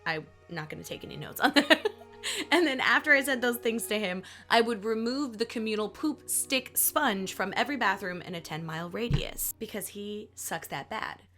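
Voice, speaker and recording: Southern woman, comedic history narrator, sarcastic asides, mid-pitched, soft music behind. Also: animated, moderate pace. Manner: sarcastic, playful, jokey asides. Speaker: history podcast host.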